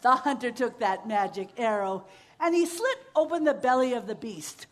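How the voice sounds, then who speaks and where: A woman's voice: on the high side, lively intonation, normal speed, background noise. A woman telling a folktale to families, full of sound effects and playful asides. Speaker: storyteller. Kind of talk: lively oral storytelling for families.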